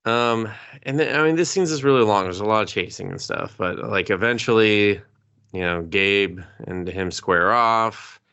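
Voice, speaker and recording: A man's voice: on the low side, moderate pace, bright, forceful tone, clear, resonant tone, no room sound. A man co-hosting a casual movie podcast, recapping scenes with profane jokes and exaggerated voices for the characters. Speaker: podcast co-host.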